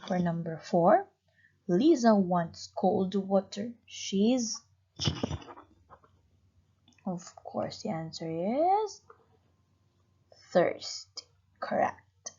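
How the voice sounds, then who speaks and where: Patient female teacher for young kids, very slow with a lively pitch, on a dull lo-fi recording. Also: husky. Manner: slow, patient, questions and praises pupils. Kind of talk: online class lesson for young children.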